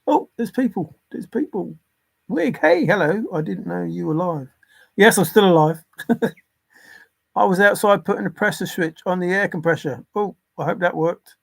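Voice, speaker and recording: A man with a fairly high voice hosts a casual livestream from home. He talks in an earnest, insistent way and stops to answer viewer comments. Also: lively intonation, normal speed, gravelly, fairly bright tone, slightly rough. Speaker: livestream host. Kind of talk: casual livestream talk on religion.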